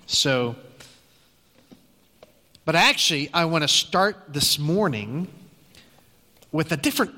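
A middle-aged male pastor preaching a story in a church, with a bright, forceful tone and a fairly high voice. He talks conversationally and restarts often. A long reverb from the sanctuary trails every line. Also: big pitch swings, slow, pauses often. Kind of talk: sermon storytelling.

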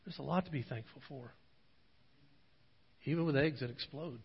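A man preaching a sermon, at times pleading with rising intensity, at times telling a relaxed story. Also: mid-range voice, normal speed, creaky, slightly rough. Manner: passionate, swelling to pleading intensity in prayer passages. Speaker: pastor. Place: church sanctuary. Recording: dull audio with long hall reverb.

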